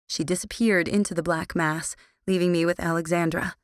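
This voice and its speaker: A woman reads a first-person audiobook with a wry, understated delivery. Her voice sits low, and the recording is close and dry with no room sound. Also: fairly even intonation, fairly quick, no echo. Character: wry, guarded teenage girl narrator. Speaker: audiobook narrator.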